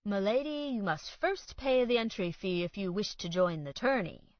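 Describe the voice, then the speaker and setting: A pompous bald man playing lord of the gate, as a female narrator puts him on, stubborn and leering, with mock-olde speech that drops low at the ends of phrases. The recording is dry and a little dull. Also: normal speed, dry recording, lightly acted. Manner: faux-archaic, leering and stubborn. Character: pompous bald male medieval reenactor.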